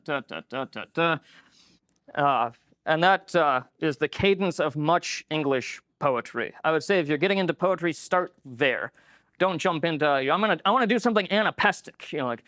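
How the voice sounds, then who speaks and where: A man's voice: fairly high pitch, fairly bright tone, dry recording, clean studio sound. A man giving a conference lecture in a conversational way, with many filler words. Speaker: conference speaker. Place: lecture room.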